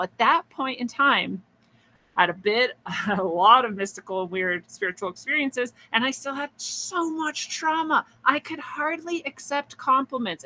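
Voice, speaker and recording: A woman's voice: on the high side, sharp tone, poor audio. A woman hosting a podcast, musing through a spiritual story in a chatty way, with frequent laughs and restarts. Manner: acts out quoted voices. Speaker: podcast host.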